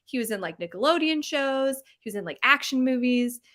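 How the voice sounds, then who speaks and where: Lively, bright-voiced young woman chatting. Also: high voice, brisk. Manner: bubbly, animated, laughs often. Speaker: podcast host. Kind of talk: casual chat.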